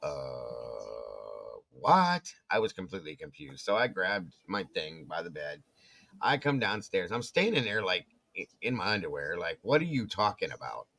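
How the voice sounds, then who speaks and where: A deep-voiced co-host, speaking at an ordinary pace, relates a story during casual chat. He's animated about it, imitating the voices of the people involved.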